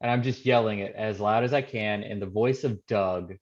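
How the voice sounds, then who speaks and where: A man speaking as a player in a tabletop game, deliberate and dry. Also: fairly low pitch, dull audio.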